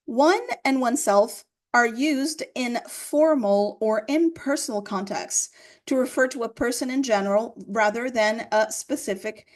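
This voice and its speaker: Woman, English teacher giving a grammar lesson, slightly high voice, patient and repetitive. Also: unhurried. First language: Portuguese. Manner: explains patiently, repeats examples, checks with "right?".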